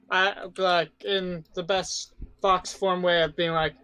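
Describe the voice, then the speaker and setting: A player describing their fox character in a tabletop game, playful and halting. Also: mid-range voice, fairly even intonation, fairly bright tone.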